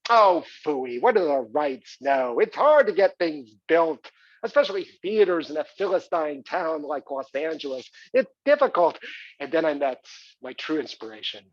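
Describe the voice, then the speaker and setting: A fairly high-pitched, very animated male voice at normal speed belongs to an actor in a one-man stage play. He's performing a theatrical monologue as a boastful, wealthy arts patron. It's captured on a dull lo-fi recording.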